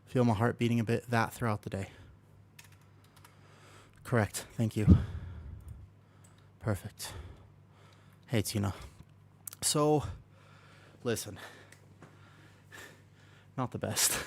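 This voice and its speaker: A man livestreaming a game, chatting casually and playfully with viewers while keeping his voice quiet to rest a sore throat, close to his desk microphone. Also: lowish voice, slow pace, pauses often. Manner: playful, chatty, talks to chat by name. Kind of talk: casual chat while gaming.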